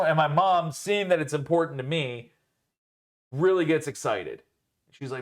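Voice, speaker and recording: A man's voice: medium pitch, animated, normal speed. A young man co-hosting a podcast, telling rambling, profane stories in casual chat and leaning on filler words.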